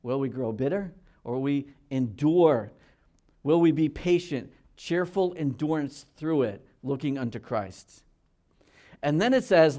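An older man in his sixties preaching a sermon in a somewhat high voice. He talks in an earnest, conversational way, often checking in with his listeners. His delivery swings between loud, emphatic stretches and quiet asides. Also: lively intonation, measured pace. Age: 60s. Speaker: pastor.

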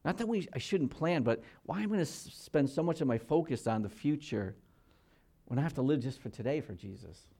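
A man's voice: medium pitch, animated, a little fast. A man in his sixties, a pastor, preaching an earnest, conversational sermon and checking in with his listeners. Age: 60s. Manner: swings between loud emphasis and quiet asides.

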